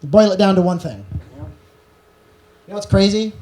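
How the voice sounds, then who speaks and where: A man's voice: high-pitched, expressive, moderate pace, dark tone. Rambling male stand-up comedian. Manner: rambling, absurd, laughs at his own jokes.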